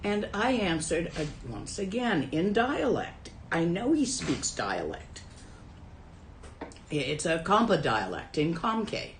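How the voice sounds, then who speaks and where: A woman's voice: fairly low pitch, very animated, slow pace, echoey room, slight background noise, low-quality recording. A woman who teaches Buddhism and translates Tibetan, telling a story from her own life in a dharma talk in a casual, wry way.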